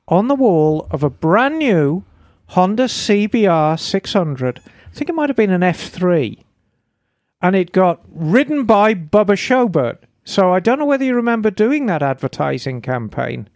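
A woman, co-hosting a podcast in a chatty, lively way with playful asides. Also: fairly low pitch, a little slow, no echo, clean studio sound. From England. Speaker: podcast co-host. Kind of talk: casual podcast chat.

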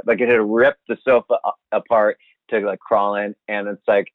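A man telling a funny story in a casual chat, animated and swearing, acting out what he said at the time. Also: mid-range voice, moderate pace, no room sound. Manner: animated, swearing, acts out his own quotes. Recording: dry, phone-like sound.

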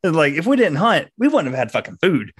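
A man's voice: on the high side, sing-song, quick pace, breathy edge. A man from Georgia co-hosting a casual podcast, talking in a blunt, heated way with heavy swearing. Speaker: podcast co-host.

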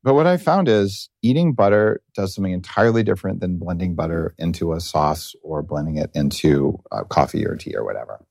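Low-voiced man hosting a rambling chat. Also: lively intonation, fairly quick, creaky, hardly any pauses, a little mellow, dry recording, studio quality. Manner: rambling, tangential, self-interrupting. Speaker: podcast host. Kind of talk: casual interview chat.

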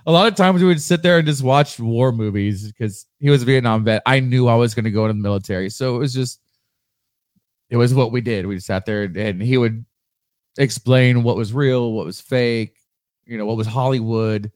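A man's voice: mid-range voice, normal speed, darkish tone, no echo. A middle-aged American man with a mid-range voice, talking casually and bluntly with his co-host and swearing freely. The recording is dry and close. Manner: blunt, profane, wry. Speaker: podcast co-host. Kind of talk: casual chat.

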